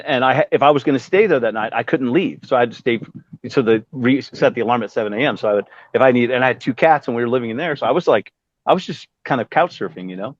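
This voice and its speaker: A man in his fifties, a guest musician, telling stories in a lively, casual way and swearing freely. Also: mid-range voice, no room sound. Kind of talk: animated storytelling interview. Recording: dull dry lo-fi sound.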